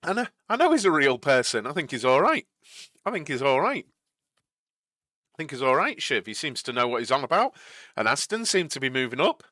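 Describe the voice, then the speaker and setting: A man's voice: mid-range voice, big pitch swings, brisk, sharp tone, no echo, clean studio sound. A young man hosting a live watch-along stream, chatting casually with viewers. He rambles and repeats himself, and he laughs easily.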